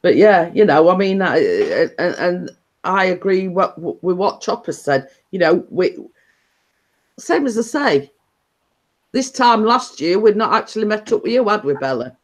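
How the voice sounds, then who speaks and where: A woman's voice: lowish voice, very animated, a little slow. A woman hosting a casual live stream, talking in a rambling, chatty way with many fillers and restarts. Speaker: livestream host.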